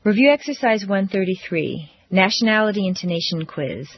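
A woman teaching English pronunciation, reading drill phrases slowly and deliberately with careful stress. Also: medium pitch, animated, husky, no echo, lo-fi sound.

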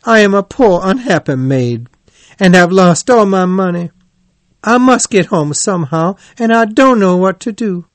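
A man's voice: medium pitch, sing-song, measured pace, husky, no room sound, voice pushed up. A man voicing a vain, boastful male toad disguised as a maid, in a whiny, pleading, self-important voice for a storybook reading.

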